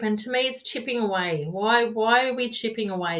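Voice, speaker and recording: Woman, tarot reader, live stream, rambling, repetitive, affectionate, mid-pitched. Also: fairly quick, hardly any pauses, a bit bright. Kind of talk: live-streamed psychic reading.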